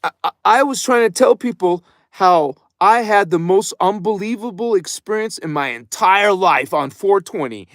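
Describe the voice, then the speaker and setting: A middle-aged man, hosting a spiritual livestream from his phone. He swings between mumbled casual chatter and fervent shouted invocations. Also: high voice, animated, normal speed, hardly any pauses, no room sound, clean studio sound. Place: by his truck in a cold underground space at night.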